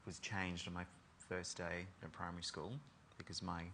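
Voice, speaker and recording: A man's voice: deep voice, monotone, moderate pace, bright, forceful tone, a little hiss or hum. A man, a fashion designer, telling dry, funny stories about his school days in a casual interview. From Australia. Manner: wry, dry storyteller. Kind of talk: casual chat.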